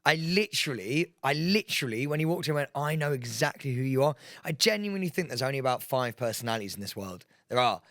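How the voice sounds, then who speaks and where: A man's voice: mid-range voice, animated, fast talker, few pauses, fairly bright tone, no room sound, studio quality. A man co-hosting a podcast, telling stories with lots of energy, laughing and acting out what others said. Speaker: podcast co-host. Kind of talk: excited anecdote telling.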